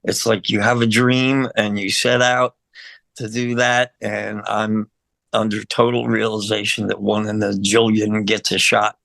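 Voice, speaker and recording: Older male musician, heavy vocal fry, rambling emotional delivery, dry booth sound. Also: lowish voice, flat delivery, a little slow, a bit bright, dry recording. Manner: rambling, emotional, laughs often, frequent fillers. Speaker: guest musician. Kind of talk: casual interview.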